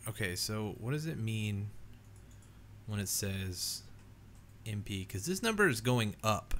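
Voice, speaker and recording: A man's voice: on the low side, big pitch swings, unhurried, fairly bright tone, a little hiss or hum. A young man hosting a gaming channel, giving casual let's play commentary at home in a rambling, easygoing way. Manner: rambling, easygoing, says "man" and "dude" a lot.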